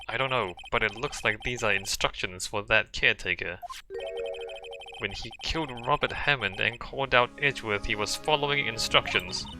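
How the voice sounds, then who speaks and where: A man reading the part of a weary, doubtful young male defense lawyer in his own gravelly voice. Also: medium pitch, moderate pace, music in the background, natural voice, poor audio.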